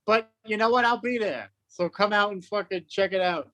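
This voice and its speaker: A man's voice: sits high, moderate pace, a bit bright, no room sound. A man guesting on a podcast, swearing freely and poking fun at himself with frequent laughs. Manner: profane, self-mocking, laughs often. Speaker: guest comedian. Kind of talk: casual chat.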